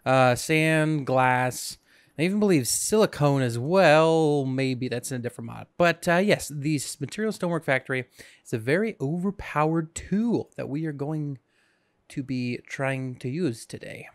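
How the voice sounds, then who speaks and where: Man, gaming commentary, goofy and rambling, sleepy, slightly high voice, dry close sound. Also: animated, moderate pace, no room sound. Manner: goofy, rambling, jokes to himself. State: sleepy, yawning. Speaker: gaming channel host. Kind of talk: casual let's-play commentary.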